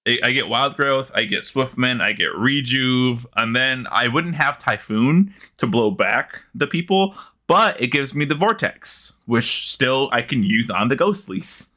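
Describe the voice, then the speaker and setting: A man co-hosting a casual gaming podcast from home, excitable, often gasping and laughing. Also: mid-range voice, a little slow. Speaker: podcast co-host. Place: home, sitting beside co-host.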